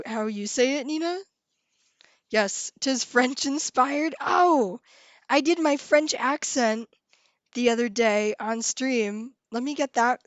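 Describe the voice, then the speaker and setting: A woman's voice: on the high side, fairly bright tone, no echo. Chatty, giggly woman streamer. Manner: chatty, giggly, reads chat aloud. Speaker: live-stream host. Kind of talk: casual chat with viewers.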